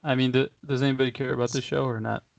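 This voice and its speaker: A man's voice: mid-range voice, level tone, rapid-fire, gravelly, no echo. A man co-hosting a casual chat show, easygoing and often laughing. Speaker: podcast co-host. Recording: dry, dull lo-fi audio.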